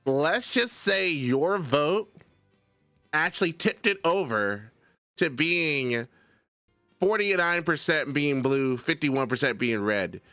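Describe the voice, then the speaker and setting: A man's voice: a little high, lively intonation, slow pace, bright, forceful tone, dry recording, faint music behind. A man streaming live, chatting casually and arguing a point with his chat, addressing viewers by name.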